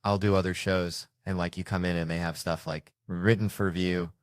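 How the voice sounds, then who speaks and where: Low-voiced rambling Louisiana man. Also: little pitch movement, normal speed, no room sound, studio quality. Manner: rambling, self-deprecating, heavy use of "like". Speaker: podcast host. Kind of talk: casual podcast chat.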